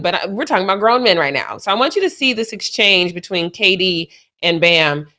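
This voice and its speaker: A young woman co-hosting a sports talk show, animated and incredulous, laughing easily as she reacts to clips. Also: medium pitch, fairly quick. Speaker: show co-host. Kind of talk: sports commentary chat.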